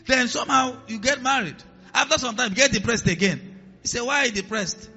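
A man's voice: extremely high pitch, a little fast, sharp tone, dull audio, soft background music. A man preaching a sermon as pastor, acting out voices in his stories and dropping to a hiss for commands. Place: church hall with a congregation.

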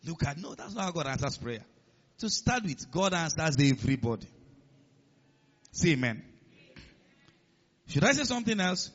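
Male preacher, high tenor, emphatic sermon delivery, dull lo-fi recording. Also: sing-song, normal speed, pauses often, a bit bright. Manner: emphatic, calls on the congregation to respond.

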